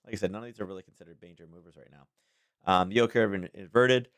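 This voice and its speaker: A man's voice: on the low side, fairly even intonation, fast, fairly bright tone, no echo. A man hosting a casual daily market commentary stream, talking in a rambling, chatty way with frequent chuckles.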